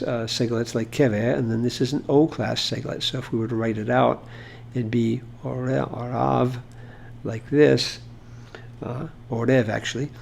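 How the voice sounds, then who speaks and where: A man's voice: mid-range voice, gravelly, a little mellow, slight background noise. A man explaining Hebrew grammar in an informal lesson, talking it through with fillers and restarts. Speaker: Hebrew teacher.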